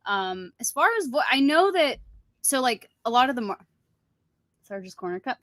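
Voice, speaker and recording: A young woman talking casually as a guest, chatty and quick to laugh. Her voice sits a little high. She is recorded close, with a dry sound. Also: sing-song, a bit bright, dry recording. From Egyptian heritage. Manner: chatty, laughs often, acts out quotes. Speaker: actress guest. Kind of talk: casual interview chat.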